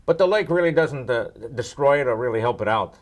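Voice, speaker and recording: Wisecracking older man, lively. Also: medium pitch, brisk. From New York. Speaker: meteorologist. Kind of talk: joking Q&A banter.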